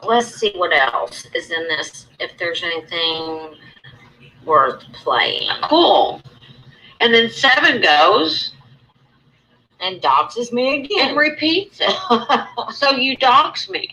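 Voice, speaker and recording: A woman talks slowly to her livestream viewers in a bright, forward voice. She rambles, restarts her sentences and keeps circling back, sounding aggrieved and emotional while she greets people in the chat. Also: mid-range voice, big pitch swings, rough recording. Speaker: livestream host. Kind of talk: casual livestream talk to viewers.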